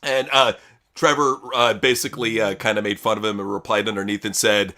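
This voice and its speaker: A man's voice: fairly low pitch, level tone, fairly quick, pushed and bright. A man co-hosting a wrestling news podcast, swearing freely and mocking the people he reads quotes from. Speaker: podcast co-host. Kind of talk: crude casual news chat.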